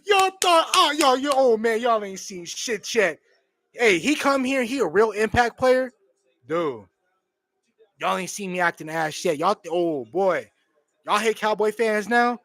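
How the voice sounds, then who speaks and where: A man hosting his own live stream, reacting with loud excitement and a lot of swearing, repeating himself and calling the audience bro and homie. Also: sits high, measured pace, no echo. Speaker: streamer hosting a draft watch party.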